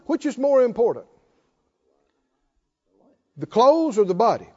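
In a dull, lo-fi sermon recording, a preacher with a very high, sing-song voice speaks a little slowly. He leans on rhetorical questions and jokes, and invites the congregation to respond.

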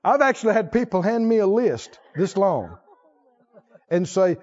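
A man's voice: high-pitched, very animated, measured pace, darkish tone, lo-fi sound. A male preacher delivering a sermon, talking with animation, questioning the crowd and laughing now and then.

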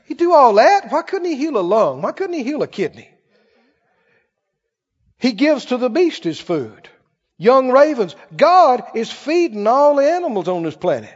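A man preaching a sermon, swinging from booming scripture reading to quiet, quick asides to the congregation. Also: sing-song. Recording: muffled sound in a long reverberant hall.

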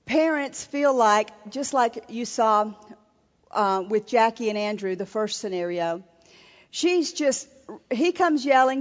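A woman minister giving an earnest sermon at a marriage seminar, with frequent restarts. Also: on the high side. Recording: lo-fi recording in a reverberant hall.

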